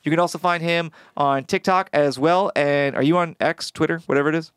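A man co-hosting a podcast, talking in an animated way, blurting out pop culture references and swearing casually. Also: on the high side, fairly quick, clean tone, no echo, studio quality. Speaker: podcast co-host and actor. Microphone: studio podcast microphone.

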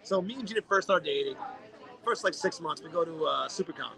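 Animated, high-voiced man telling stories. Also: a little fast, creaky, crowd noise, low-quality recording. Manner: animated, profane storytelling with acted-out quotes. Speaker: podcast co-host. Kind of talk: casual storytelling chat.

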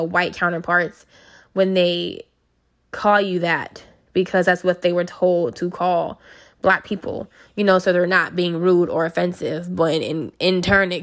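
A woman's voice: lowish voice, fairly bright tone. Woman just chatting casually, lots of like and you know, restarts her sentences. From United States. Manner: chatty, with many fillers and self-corrections. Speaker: speaker sharing personal experience. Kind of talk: casual personal talk.

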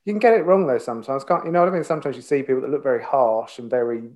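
A man's voice: mid-range voice, rapid-fire, a little mellow. Agreeable man full of tag questions. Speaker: podcast co-host. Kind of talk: casual chat.

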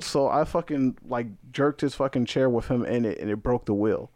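A man's voice: mid-range voice, measured pace, a little hiss or hum. A young man, a podcast guest telling a story in casual chat, swearing freely and acting out what people said. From Brooklyn, New York. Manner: animated, profane, acts out quoted voices.

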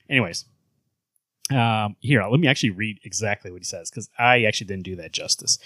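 A man's voice: lowish voice, a little fast, sharp tone, dry recording. Man griping in a dry close mic. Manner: profane, reads and acts out comic dialogue. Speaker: podcast co-host. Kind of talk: casual comic book review chat.

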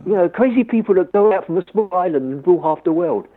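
Husky London man on a phone line. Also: sits high, expressive, quick pace, hardly any pauses. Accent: London English. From London, England. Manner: jokey and self-mocking, laughs often. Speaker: radio listener guest. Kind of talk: casual phone chat.

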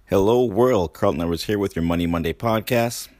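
A man's voice: deep voice, fast talker, darkish tone, no room sound, clean studio sound, faint music behind. A man hosting a podcast, opening the show in an upbeat, announcer-like way and then interviewing his guest. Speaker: podcast host.

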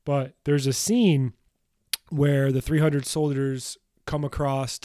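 Blunt, mellow-voiced male podcast host. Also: mid-range voice, little pitch movement, slow pace, no room sound, clean studio sound. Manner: blunt, emphatic and motivational, with casual swearing. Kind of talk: solo podcast monologue.

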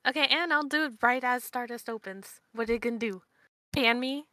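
A woman's voice: a little high, fairly quick, bright, forceful tone, dry recording, clean studio sound. A woman co-hosting a podcast, giving offhand, brief replies in a casual chat. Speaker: podcast co-host.

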